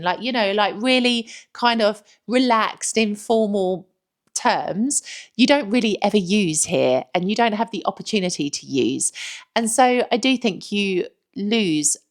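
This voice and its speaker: A woman's voice: medium pitch, lively intonation, moderate pace. A young woman from London with a London accent, talking earnestly and candidly in a chatty vlog. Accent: London English. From London, England. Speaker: vlogger on life abroad. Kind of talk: reflective talking-to-camera vlog.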